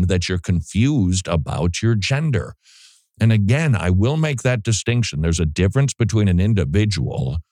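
A man's voice: lowish voice, darkish tone, no echo, studio quality. A man giving emphatic, scornful religious commentary, often repeating his words for stress.

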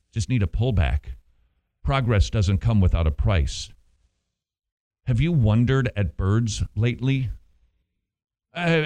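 A male pastor preaching a sermon in an animated way, full of rhetorical questions and playful asides. His pitch swings widely between low, serious statements and high, excited bursts.

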